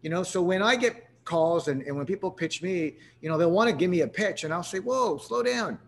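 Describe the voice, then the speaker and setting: A man's voice: fairly high pitch, fairly quick. A man from Canada hosting a live sales webinar, talking energetically with lots of restarts and fillers. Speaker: webinar host.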